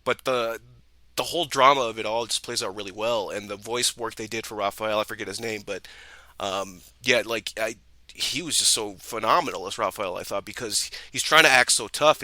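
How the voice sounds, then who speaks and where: A man's voice: on the low side, bright, forceful tone, dry recording, low-quality recording. A man co-hosting a casual movie review podcast, talking enthusiastically in long rambling runs full of restarts. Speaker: podcast co-host.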